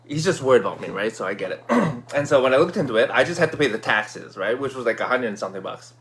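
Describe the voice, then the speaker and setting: Animated man telling a personal story. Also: mid-range voice, fast, a little hiss or hum. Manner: animated, acts out his own excited shouts in quotes. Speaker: vlogger. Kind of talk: casual storytelling.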